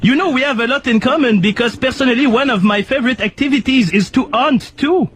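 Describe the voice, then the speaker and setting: Prank caller: a man doing a fake French president, thick put-on accent, high and bright on the line. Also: fast talker. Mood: smooth, formal. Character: man posing as a French head of state on a prank call. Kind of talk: prank phone call. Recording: phone call played on radio.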